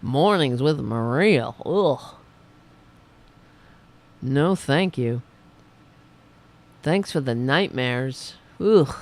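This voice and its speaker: Slow, sarcastic raspy woman ranting. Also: extremely low pitch, lively intonation. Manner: sarcastic, profane, reads news then riffs. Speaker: political commentary host. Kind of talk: ranting political commentary.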